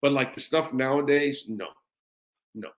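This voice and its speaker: Man, middle-aged, from the US, live-show host, casual chat, enthusiastic, rambling, lots of fillers, average pitch. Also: measured pace, fairly bright tone. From United States. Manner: enthusiastic, gushing and rambling, with many fillers and repeats. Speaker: sports radio host. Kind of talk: casual live-stream chat answering viewer comments.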